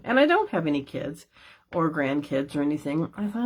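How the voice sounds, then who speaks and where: A woman's voice: deep voice, wildly swooping pitch, brisk, husky. Chatty folksy woman demonstrating crafts. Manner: chatty and folksy, many ums and asides. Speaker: stamping demonstrator hosting a class. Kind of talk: casual craft show-and-tell.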